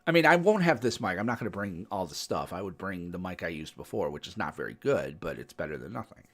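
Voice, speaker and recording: Lively-voiced man telling rambling stories. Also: deep voice, quick pace. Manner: rambling storyteller, laughs often. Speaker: podcast co-host. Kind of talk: casual chat.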